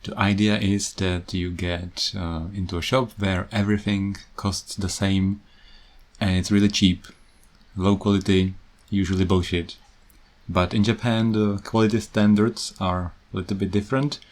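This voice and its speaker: A man's voice: sits low, level tone, normal speed. A Czech man hosting a podcast, talking casually and with amusement about teaching English, laughing often. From Czech Republic. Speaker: podcast host.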